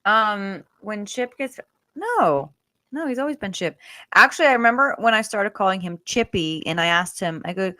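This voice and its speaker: A woman's voice: mid-range voice, lively intonation, normal speed, pushed and bright, no echo. A woman guest in a casual interview, chatty and laughing often. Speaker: guest, author.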